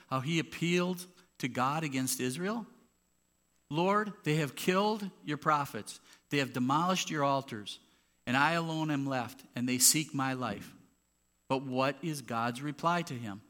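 In a church sanctuary, a male pastor takes his time with a sermon, his mid-range voice fairly bright and unhurried. He talks conversationally, growing emphatic when making a point, and his handheld or clip mic pops.

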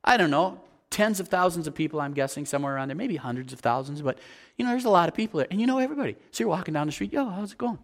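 Animated man preaching a sermon. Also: a little high, racing. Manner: animated, acts out everyday scenes, asks the congregation questions. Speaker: pastor.

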